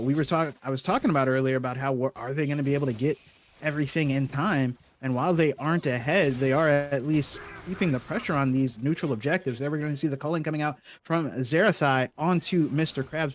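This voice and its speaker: A man's voice: medium pitch, slight background noise. A man casting an esports match with chatty, joking play-by-play that often corrects itself. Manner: chatty, self-correcting, jokey. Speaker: esports caster. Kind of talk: play-by-play commentary.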